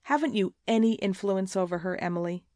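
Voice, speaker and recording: A woman's voice: medium pitch, fairly quick, a little mellow, no room sound, clean studio sound, lightly acted. A woman voicing a crafty, whining teenage schoolgirl who pleads and stammers tearfully in a storybook reading. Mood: insinuating.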